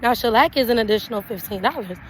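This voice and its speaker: A young woman telling a storytime vent to camera, animated and indignant, acting out her own side of the exchanges. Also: on the high side, quick pace, a little hiss or hum, rough recording. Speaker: vlogger.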